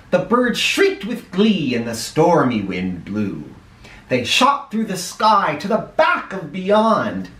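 A man reading a children's picture book aloud in a playful, animated way. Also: high voice. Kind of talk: read-aloud storytelling for kids. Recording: echoey room, mic at a distance.

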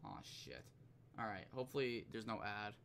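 A man's voice: on the low side, moderate pace, vocal fry, a little hiss or hum. A man streaming, ranting casually with lots of swearing and laughter. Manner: profane, animated, laughs often.

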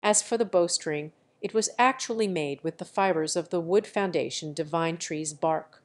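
A woman narrating a translated web novel as an audiobook in an even, unhurried way. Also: lowish voice. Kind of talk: scripted narration.

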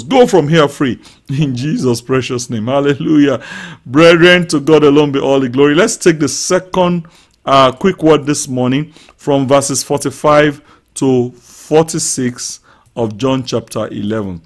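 A man preaching a sermon in a high-pitched voice for his build. He reads scripture calmly, then turns fervent, crying out, declaring and praying loudly over the people listening. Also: normal speed. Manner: fervent preaching, rising to loud shouts; speaks in tongues and prays aloud over listeners. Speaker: pastor. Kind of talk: live-streamed sermon.

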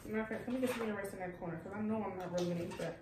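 A woman's voice: medium pitch, very fast. Chatty woman in an echoey room. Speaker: co-host. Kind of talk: casual mukbang chat. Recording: echoey room, mic at a distance, noisy.

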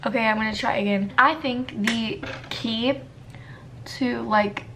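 A woman's voice: a little high, fairly even intonation, measured pace, very noisy. A young woman talking her way through a makeup tutorial in a casual, self-deprecating and flustered way, muttering to herself. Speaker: beauty vlogger.

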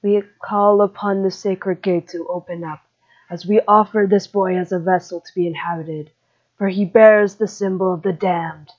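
A woman's voice: medium pitch, fairly even intonation, normal speed, darkish tone, close to an everyday voice. A woman voicing a solemn male cult leader chanting a summoning, on a dull lo-fi recording. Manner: grave incantation.

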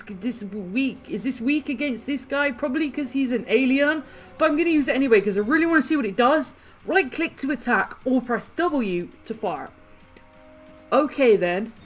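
A woman hosting a gaming channel, chatting excitedly through casual gameplay commentary and laughing often. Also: a little high, normal speed, faint music behind.

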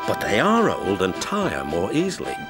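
A male narrator tells a children's train story with a very animated, up-and-down delivery. Music plays under his voice throughout. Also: sits low, moderate pace. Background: music score.

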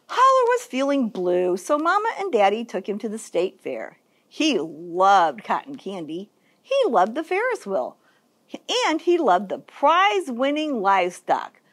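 A woman children's librarian reading a picture book aloud for story time, in an expressive, sing-song storytelling manner. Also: medium pitch, a little slow.

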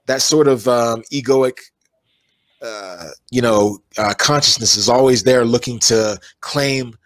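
A man who works as an energy healer, telling long stories in a relaxed interview with many fillers and restarts. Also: mid-range voice, unhurried, no echo.

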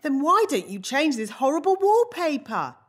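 A bossy fairy nanny. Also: female voice, high voice, big pitch swings, moderate pace, background noise. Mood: rude. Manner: bossy, lecturing, rudely frank. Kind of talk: cartoon voice acting.

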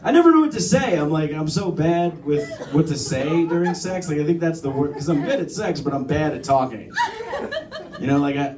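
A man's voice: a little high, expressive, a little fast, background noise. A young man doing a crude, rambling stand-up set. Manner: crude, rambling, self-deprecating delivery. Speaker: stand-up comedian. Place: comedy club stage. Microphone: phone camera from the audience. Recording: roomy club sound, phone from far off. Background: crowd laughing.

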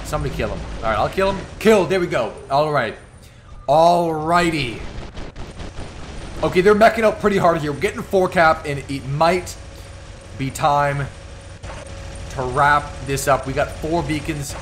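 A man giving excitable live commentary over his own gameplay, teasing and taunting the opponents as he plays. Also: a little high, noisy background. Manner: excitable, trash-talking the enemies. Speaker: gaming YouTuber.

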